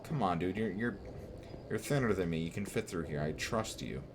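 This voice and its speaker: A man's voice: deep voice, animated, normal speed, noisy background. A man streaming a horror game, giving joking casual commentary, talking to the characters and swearing when things go wrong. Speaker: gameplay streamer. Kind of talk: casual let's-play commentary.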